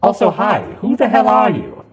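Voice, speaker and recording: A man's voice: high voice, huge pitch swings, moderate pace, gravelly, soft background music, pitched above the performer's own voice, full character voice. A man voicing an awkward, chatty undead male wizard who rambles and apologizes sheepishly. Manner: rambling, sheepish, nervous laughs.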